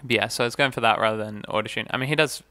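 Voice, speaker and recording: A man's voice: medium pitch, very fast, no room sound. A man co-hosting a podcast, chatting casually about music and explaining ideas with lots of fillers. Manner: relaxed, filler-heavy, explains music theory. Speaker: podcast co-host.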